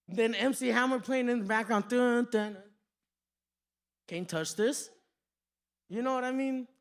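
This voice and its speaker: A man doing a stand-up comedy set on a club stage, telling stories in an animated, profane way. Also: high voice.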